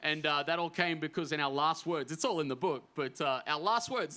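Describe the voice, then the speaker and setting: A middle-aged man, an author telling a story on a festival stage, animated and emphatic, full of fillers and restarts. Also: on the high side, fairly quick, hardly any pauses. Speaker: author guest at a writers festival.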